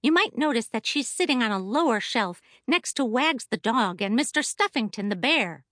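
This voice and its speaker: A woman's voice: a little high, animated, moderate pace, fairly bright tone, no echo, studio quality. A woman narrating a children's audiobook in a cheerful, chatty first-person style as a stuffed toy. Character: a stuffed toy telling the story, the teacher's favorite.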